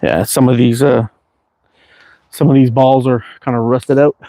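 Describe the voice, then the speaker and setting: A man's voice: medium pitch, flat delivery, a little slow, warm tone, no room sound. A man hosting a casual livestream from his backyard, reading viewer chat in an easygoing, rambling way with plenty of fillers. He sounds tired and worn out. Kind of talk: casual live chat while target shooting.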